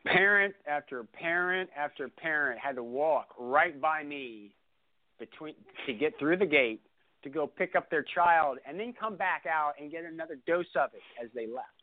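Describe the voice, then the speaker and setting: A man's voice: fairly high pitch, animated, normal speed, dry recording. A man hosting a radio talk show as an ADHD coach, telling a story emphatically with lots of repetition. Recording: dry, phone-like line.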